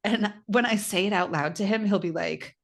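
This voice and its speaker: A middle-aged woman co-hosting a podcast, telling stories in a casual, animated chat, often quoting herself and laughing. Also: medium pitch, normal speed, creaky. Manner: animated storytelling with laughs and quoted asides. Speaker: podcast co-host.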